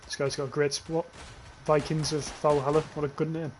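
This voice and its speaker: Brisk and high-pitched with little pitch movement, this young adult man streams a shooter against slight background noise. He chats casually, rambling and swearing, reading viewer messages aloud and laughing at them.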